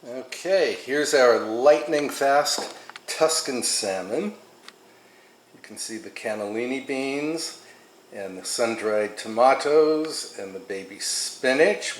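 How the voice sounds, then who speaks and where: A man's voice: medium pitch, expressive, slow pace, reverberant, a little hiss or hum. A man hosting a home cooking show, chatty and enthusiastic as he talks through each step in his kitchen.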